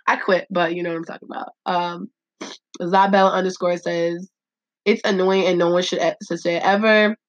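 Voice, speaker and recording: A woman with a fairly low voice hosts a casual solo podcast, reading listener replies and reacting in a blunt, animated, profane way. Her voice is recorded close and dry, with no room sound. The audio is dull and lo-fi. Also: normal speed, no room sound. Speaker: podcast host.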